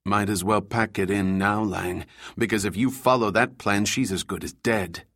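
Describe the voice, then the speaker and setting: A man's voice: fairly low pitch, steady tone, normal speed, fairly bright tone, no room sound, studio quality. A male narrator voicing a hot-tempered mercenary captain who talks bluntly and defiantly. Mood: scoffing.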